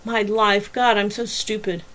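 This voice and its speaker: A lovesick adult heroine in a spoken romance novel, quiet and heartfelt, voiced by a woman narrator. She sounds much like the narrator herself, only lower-key. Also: level tone, measured pace, close to an everyday voice, rough recording.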